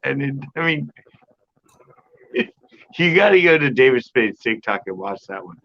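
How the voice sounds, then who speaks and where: A man in casual chat who tells stories in an animated way, laughs a lot and swears freely. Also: mid-range voice, a little slow, gravelly, pauses often, muffled recording. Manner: chatty, laughs often, animated storyteller, swears. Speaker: channel host.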